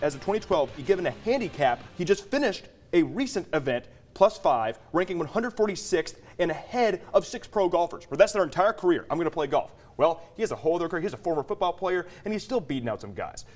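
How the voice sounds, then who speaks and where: A man's voice: high voice, sing-song, quick pace, few pauses. A young man from Texas co-hosting a sports debate show, arguing his picks with stats and a lot of "look" and "okay". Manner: argumentative, stat-heavy, keeps saying "look" and "okay".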